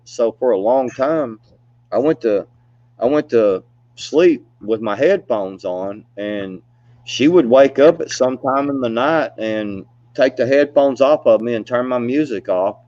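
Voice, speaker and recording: A medium-pitched, slightly mellow man spins stories in easygoing conversation, wandering off track, laughing frequently, and dropping "you know" into the gaps. The recording is dry, dull, and lo-fi.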